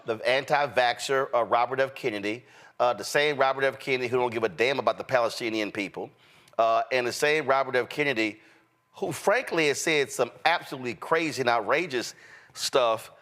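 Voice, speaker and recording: Man, host, political commentary, blunt, emphatic, colloquial, mid-pitched. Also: moderate pace, a bit bright.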